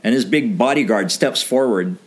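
A man's voice: medium pitch, normal speed. Casting: middle-aged man, mid-range voice, casual storyteller who voices the people in his story. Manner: animated anecdote with quoted dialogue, laughs often. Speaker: guest telling a story.

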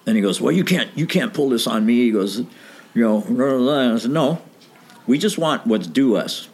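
A man's voice: mid-range voice, moderate pace. A middle-aged man casually telling a story from his band days, acting out the dialogue and laughing now and then. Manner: animated anecdote with quoted dialogue, laughs often.

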